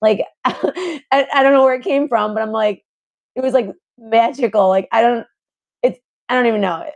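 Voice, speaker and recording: A woman's voice: on the high side, moderate pace, vocal fry. A young adult woman co-hosting a podcast in casual chat, talking in a rambling way full of fillers and restarts. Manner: rambling, filler-heavy, laughs often. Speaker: podcast co-host.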